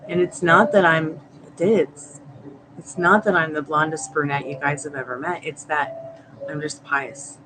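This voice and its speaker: A woman's voice: low-pitched, steady tone, a little slow, background noise. A woman doing a live tarot reading, chatting and rambling with viewers, laughing often. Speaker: tarot reader. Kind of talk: live-stream chat with viewers.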